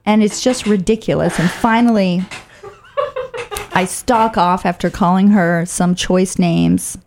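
A middle-aged woman from Oakland telling a personal story in a wry, blunt, animated way. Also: fairly low pitch, unhurried, background noise. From Oakland, California.

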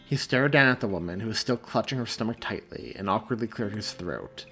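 Man narrating a story, lowish voice. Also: breathy edge, soft background music. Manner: measured, expressive storytelling. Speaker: author reading his own story. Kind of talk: audiobook narration.

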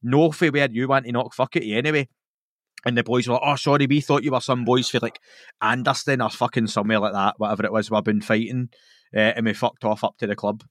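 Brief: Glaswegian man, podcast guest, swears freely, animated storyteller, dry close mic. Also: medium pitch, fast, no echo. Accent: Scottish, Glaswegian. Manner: sweary, animated, laughs through his stories. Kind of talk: casual storytelling chat.

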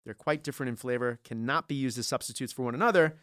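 A man's voice: medium pitch, a bit bright, no room sound, clean studio sound. A man hosting a playful food debate podcast with a trivia round, joking and theatrical. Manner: jokey, theatrical, quick asides. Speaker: podcast host. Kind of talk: playful game-show style hosting.

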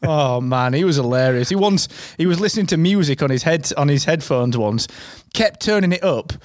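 A man's voice: fairly high pitch, moderate pace, no room sound. Upbeat bantering male podcast host. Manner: lively, bantering storyteller. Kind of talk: casual chat and listener plugs.

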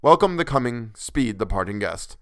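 A man reading the part of a courtly, menacing old vampire count in a smooth, stately, falsely gracious way. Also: medium pitch, animated, normal speed, no echo, clean studio sound, close to an everyday voice.

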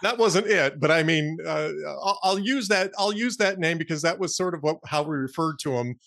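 A man's voice: on the high side, normal speed, a bit bright, dry recording, clean studio sound. A middle-aged man co-hosting a podcast, telling a story in casual chat and laughing often. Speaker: podcast co-host.

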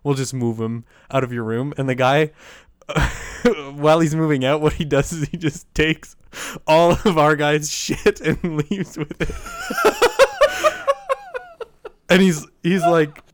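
A man's voice: on the high side, very animated, slow pace, dry recording. A man co-hosting a podcast, telling a story in a laid-back way, swearing freely and laughing often. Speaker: podcast co-host. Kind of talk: casual chat and storytelling.

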